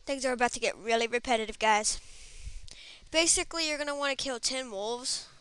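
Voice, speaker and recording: A woman's voice: a little high, a little fast, a bit bright, clean tone, no room sound. A woman giving goofy, rambling commentary on her gameplay, humming silly sound effects between lines. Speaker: game video player.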